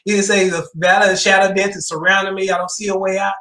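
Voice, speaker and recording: A man's voice: high-pitched, level tone, rapid-fire, bright, forceful tone. A middle-aged man, a church elder, preaching a sermon and telling his own testimony, repeating phrases for emphasis. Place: church sanctuary. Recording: roomy church echo.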